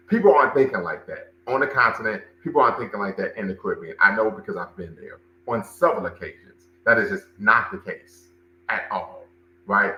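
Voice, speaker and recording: Man, livestream host, deep voice, emphatic and repetitive, echoey room with a faint hum. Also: a little fast, pushed and bright, highs cut off. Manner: emphatic, repeats phrases for stress. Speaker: livestream show host and cultural center director. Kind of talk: livestream commentary and audience chat.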